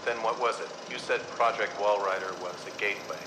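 A man's voice: on the low side, steady tone, a little fast, bright, forceful tone, slight background noise, rough recording. An actor playing a male government interviewer who asks level, probing questions on an old tape.

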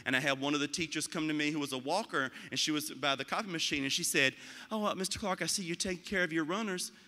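A man giving a motivational talk about school leadership, animated and acting out quoted voices. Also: fairly high pitch, fast talker, long reverb tail. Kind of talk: motivational speech.

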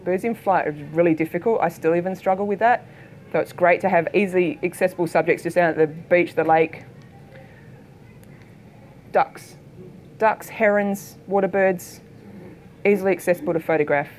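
A middle-aged Australian woman, a photographer giving a keynote talk, telling anecdotes in a lively way and acting out the voices of people in her stories. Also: on the low side, moderate pace, pauses often, a little hiss or hum. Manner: lively storytelling, acts out quoted voices. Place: lecture hall.

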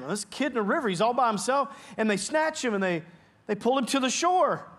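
A man's voice: sits high, expressive, quick pace, fairly bright tone. A man preaching a sermon as pastor in a church, earnest and emphatic, often restarting words as he presses his point. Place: church sanctuary.

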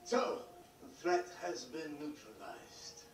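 A man's voice: mid-range voice, animated, takes it slowly, recorded from a distance, soft background music. A calculating, scheming man. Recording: show audio from afar in a roomy space.

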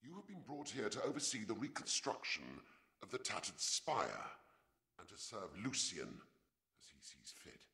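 An actor playing a stern, cruel male prison commandant who talks in a cold, measured, imperious way. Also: fairly low pitch, very animated, bright, forceful tone, exaggerated voice.

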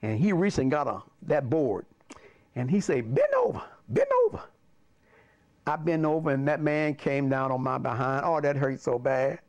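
An older man from Alabama, a pastor telling stories from his childhood in an animated way, often chuckling. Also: mid-range voice, moderate pace. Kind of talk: personal storytelling.

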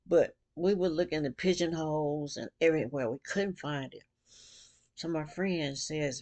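A woman vlogger telling a personal story to camera, animated and acting out quotes. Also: low-pitched, normal speed.

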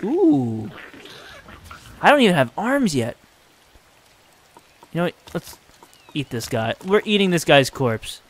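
Excitable man doing gameplay commentary. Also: a little high. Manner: excitable, exasperated, quick to laugh. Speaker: let's play host.

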